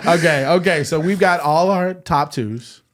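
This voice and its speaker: A man's voice: a little high, measured pace, fairly bright tone. A man co-hosting a casual podcast who moves the segments along and teases the others. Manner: steers the segments and teases his co-hosts. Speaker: podcast co-host.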